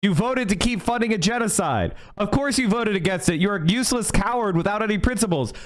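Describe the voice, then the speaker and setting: A male streamer tears into his subject in a heated political rant, angry and swearing as he gets worked up. His voice sits high for a man. He talks straight at his viewers from a home setup. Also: expressive, fairly quick. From United States. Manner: angry, profane, fired up.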